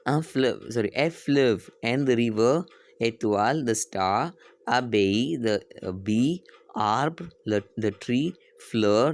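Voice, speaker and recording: A male teacher reading a French poem aloud slowly, repeating each line and translating it, often correcting himself. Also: fairly low pitch.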